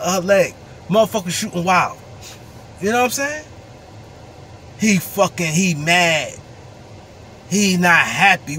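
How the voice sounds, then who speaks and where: A man's voice: high voice, a bit bright, a little hiss or hum. A young man in ranting in a heated, profane way, repeating his words as he talks. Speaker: commentator. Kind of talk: angry ranting vlog.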